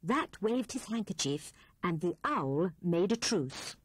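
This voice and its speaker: A woman narrating a children's storybook with expressive, animated storytelling. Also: fairly low pitch, takes it slowly, slight background noise. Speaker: audiobook narrator.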